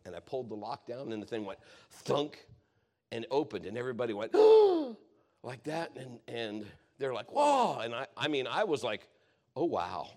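A man's voice: mid-range voice, brisk. A man preaching, telling a personal story in a rambling, conversational way, often correcting himself. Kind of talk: sermon testimony storytelling.

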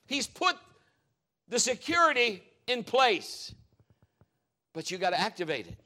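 Middle-aged male pastor, higher-pitched voice, emphatic sermon delivery with loud declarations and quiet asides. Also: animated, normal speed.

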